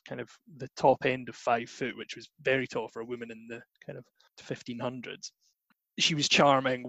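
A man's voice: medium pitch, a bit bright, dry recording, rough recording. A Scottish man explaining history in a chatty way, with many fillers and hedges. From Scotland. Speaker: guest teacher.

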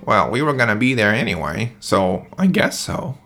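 A man voicing a nosy, excitable crow in a children's story, with a squawky high voice. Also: moderate pace, soft background music. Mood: surprised.

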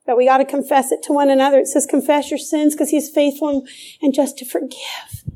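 Fervent high-voiced woman preaching. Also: flat delivery, fast, warm tone. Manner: fervent, repeats phrases for emphasis. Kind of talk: sermon.

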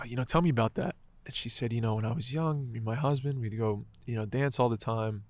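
A man's voice: medium pitch, quick pace, hardly any pauses, darkish tone, dry recording. A man telling a moving personal story in casual conversation, swearing often and filling his talk with "like" and "right". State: choked up.

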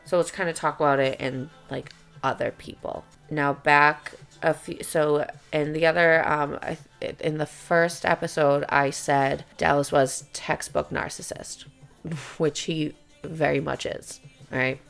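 A woman's voice: deep voice, steady tone, measured pace, gravelly, fairly bright tone, soft background music. A young woman hosting a podcast who talks bluntly and confessionally, swearing often and adding lots of "okay" and "right". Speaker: podcast host. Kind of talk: candid personal monologue.

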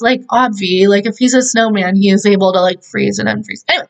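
A woman with a mid-range, creaky voice talks at a normal speed while recapping a film as a podcast host. It's casual chat, and she rambles, swears freely and says "like" constantly.

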